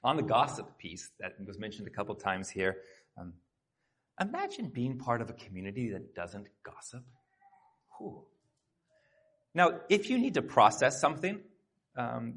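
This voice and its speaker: A pastor delivers a sermon in a church sanctuary with a husky, slightly breathy, mid-range voice that's a bit bright. Speaking fairly quickly with big pitch swings, he preaches earnestly and conversationally, now and then turning aside to talk straight to the congregation.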